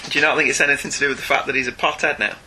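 Bright-voiced Northern English man. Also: medium pitch, steady tone, racing, slight background noise, poor audio. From Northern England. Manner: chatty, wry, self-mocking. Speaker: podcast co-host. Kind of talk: casual chat.

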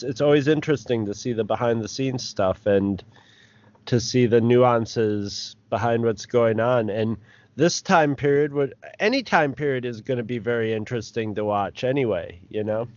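A man's voice: medium pitch, darkish tone, no echo. Brief: male co-host, loose rambling talk, dry, dull lo-fi audio. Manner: rambling, filler-heavy. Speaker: podcast co-host. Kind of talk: casual chat.

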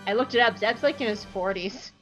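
A woman's voice: on the high side, brisk, a bit bright, faint music behind. A young woman hosting a podcast, recapping an episode in a chatty, irreverent way and swearing casually. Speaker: podcast host. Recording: slightly muffled lo-fi recording.

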